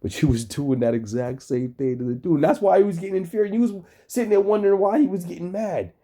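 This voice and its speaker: A man reacting to a debate video in casual commentary, his voice dark and mellow. He swears constantly and mocks the speakers, sounding incredulous. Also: sits high, quick pace. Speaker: stream reactor.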